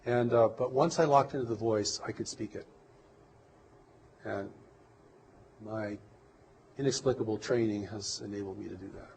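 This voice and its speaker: Male interview guest, low voice, slow and reflective delivery, faint noise floor. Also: vocal fry, a little mellow, poor audio. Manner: measured, reflective, halting. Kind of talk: earnest interview conversation.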